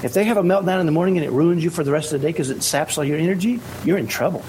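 A man giving parenting advice in an energetic motivational talk, often checking in with "right?". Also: a little high, rapid-fire, a little hiss or hum, low-quality recording. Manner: energetic, keeps asking "right?".

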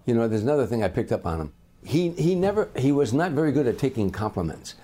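An older man, a comedian, telling lively anecdotes in an interview and acting out the people in them. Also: mid-range voice, quick pace. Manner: animated raconteur, acts out voices. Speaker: comedian guest.

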